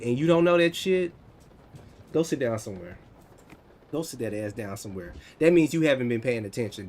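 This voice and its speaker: An American man in his thirties, chatting casually on a livestream, answering viewers in an animated, teasing way. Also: a little high. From United States. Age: 30s. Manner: animated, teasing, laughs often.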